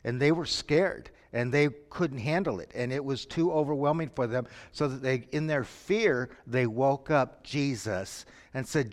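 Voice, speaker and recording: Guy preaching, gets dramatic, goes quiet then loud, big echoey hall. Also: mid-range voice, a little slow, few pauses. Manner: dramatic, shifts from quiet to shouting. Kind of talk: sermon. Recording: long reverb from a hall.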